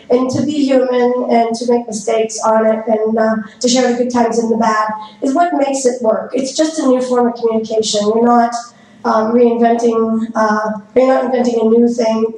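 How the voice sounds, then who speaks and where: A woman with a hoarse, scratchy voice giving a live conference talk from a stage, talking fast and nervously and laughing often. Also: on the high side, mellow. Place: stage in a large conference hall. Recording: very echoey hall, faint noise.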